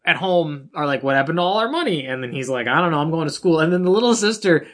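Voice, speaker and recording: A man's voice: a little high, expressive, fast talker, a bit bright. A man co-hosting a casual podcast, rambling through a movie plot and acting out characters' lines. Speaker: podcast co-host. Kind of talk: casual movie recap chat.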